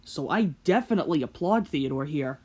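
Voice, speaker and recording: A woman's voice: sits low, animated, a little fast, dark tone, husky. A woman hosting a video commentary, speaking earnestly and reflectively. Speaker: host.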